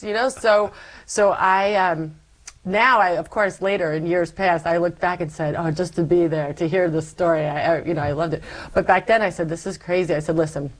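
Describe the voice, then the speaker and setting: A woman's voice: on the low side, poor audio. A woman telling her personal faith story in an interview, acting out her past self as she goes. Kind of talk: conversational testimony.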